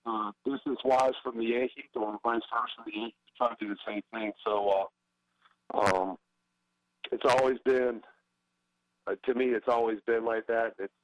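A man's voice: mid-range voice, steady tone, a little slow, pauses often, dry recording, rough recording. A middle-aged man, a former baseball player, talking as a guest in a casual interview, hesitant with many fillers and restarts.

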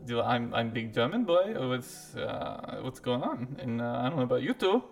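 A man's voice: mid-range voice, sing-song, gravelly. A man doing a stammering flirty German guard. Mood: eager. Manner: halting, stammering come-on.

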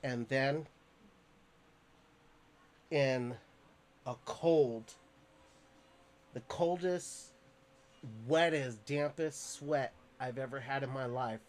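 Podcast host, man, mid pitch, earnest halting storyteller, casual chat. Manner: earnest, halting, emotional retelling with restarts.

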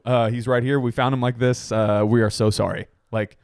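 A man's voice: medium pitch, level tone, normal speed, darkish tone, smooth, no echo, studio quality. A man, telling a wild story on a casual podcast, swearing and laughing often. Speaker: podcast co-host.

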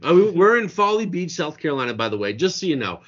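A man's voice: on the high side, big pitch swings, fast, lo-fi sound. A man co-hosting a podcast in casual chat, ranting in a heated, profane way from a restaurant. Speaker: podcast co-host. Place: restaurant in a beach town.

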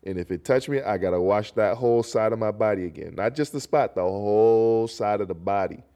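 A man's voice: on the low side, fairly quick, clean tone. Congested young man rambling on a podcast. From North Carolina. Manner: rambling, animated, jokey asides. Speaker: podcast host. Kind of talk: casual solo podcast monologue.

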